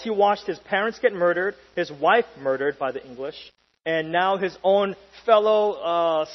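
A young adult man preaching a sermon to his church, casual and lively, with slang and joking asides. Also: high voice. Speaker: pastor. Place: church hall. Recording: dull sound with long reverb and faint hum.

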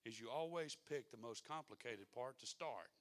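A man's voice: mid-range voice, normal speed. A man preaching a sermon in a folksy, conversational way that rises to fervent exhortation.

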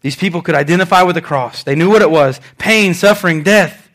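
A man preaching a sermon as pastor, animated, swinging between loud and soft, acting out quotes. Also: high voice, fairly quick.

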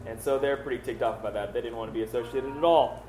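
A man's voice: mid-range voice, fast, darkish tone, a little hiss or hum. Man teaching the Bible conversationally, echoey room. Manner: conversational, many fillers and rhetorical questions.

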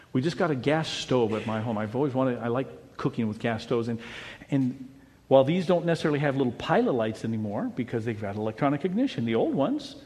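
A middle-aged man, a pastor, preaching a sermon in an animated way, dropping to a hush and then rising to a shout. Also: medium pitch, big-room sound. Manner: animated preaching, swinging between hushed and shouting.

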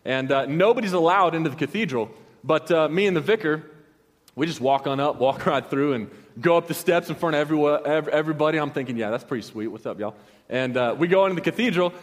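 A man's voice: fairly high pitch, lively intonation, fast talker, long reverb tail. A young man preaching, telling a story in a loose, slangy way with many restarts. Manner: casual, rambling, with slangy asides and many restarts. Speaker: pastor. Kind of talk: storytelling sermon.

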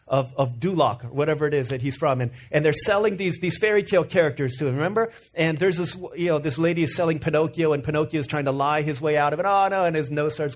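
High-voiced storytelling pastor. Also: male voice. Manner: storytelling, animated, asks the audience. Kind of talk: sermon.

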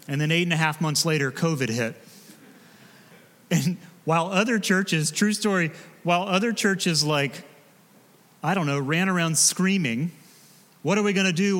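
Joking pastor in a reverberant hall. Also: male voice, a little high, fairly bright tone. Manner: conversational, joking asides with the congregation. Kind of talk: sermon. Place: church sanctuary.

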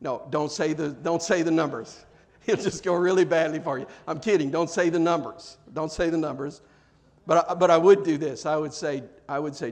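A man preaching a sermon, animated and joking, acting out quoted voices, then dropping to soft earnest tones for serious points. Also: a little high, moderate pace. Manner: animated, acts out quoted voices, jokes with congregation. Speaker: pastor.

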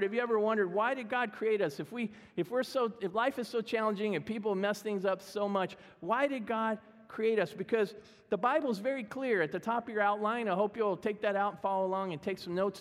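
A middle-aged man preaching a sermon as pastor, conversational, humorous and self-deprecating. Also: high voice. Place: church sanctuary. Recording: long reverb of a church hall.

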